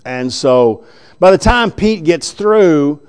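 Animated high-pitched male preacher. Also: slow pace, clear, resonant tone. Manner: animated, chuckling storytelling. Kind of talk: sermon.

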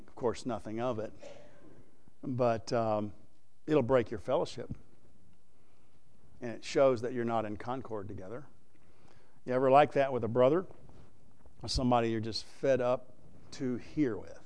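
A man's voice: mid-range voice, a little mellow. A man preaching a sermon, explaining scripture in a conversational way and asking the audience questions.

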